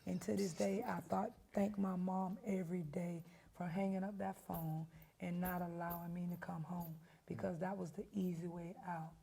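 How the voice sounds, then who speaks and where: Low gravelly woman coach. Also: normal speed. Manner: emphatic, animated storyteller. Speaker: head coach. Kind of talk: storytelling interview.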